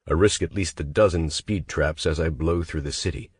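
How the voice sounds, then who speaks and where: Very deep husky male narrator. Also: normal speed, dry recording. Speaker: audiobook narrator. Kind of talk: first-person romance audiobook narration.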